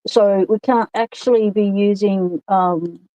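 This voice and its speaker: An Australian woman chats loosely through a phone microphone, rambling between greetings. Her voice sits at a middling pitch with a mellow, soft-edged tone, and the sound is dry and close with no room echo. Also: fairly even intonation, unhurried, highs cut off. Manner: chatty and rambling, greeting viewers by name. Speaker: livestream host. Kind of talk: casual livestream chat. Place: home workshop.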